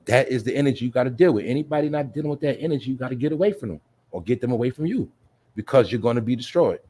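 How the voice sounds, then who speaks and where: A man's voice: medium pitch, lively intonation, racing, dark tone, slightly rough. A man hosting a livestream show, talking casually in street slang, swearing and repeating his points to his listeners. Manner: streetwise slang, addresses listeners as "y'all", "you feel me"; profanity-laced.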